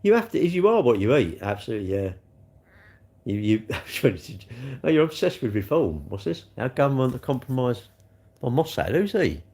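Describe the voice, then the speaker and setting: A man's voice: mid-range voice, very animated, moderate pace, darkish tone. A man chatting casually on a live stream, answering his viewers in a rambling, sarcastic way with lots of tag questions.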